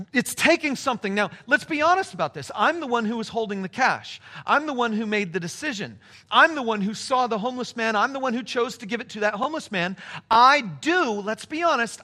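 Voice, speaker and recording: A man's voice: extremely high pitch, pushed and bright. A man preaching a sermon, telling a story with emphatic, shifting pace. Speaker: pastor.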